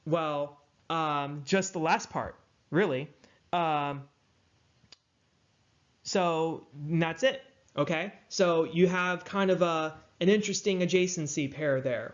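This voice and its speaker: A man's voice: high voice, dull audio. A man lecturing in a conversational way, often checking in with his students as he breaks things down. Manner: conversational, checks in with "right?" and "okay?". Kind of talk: university lecture.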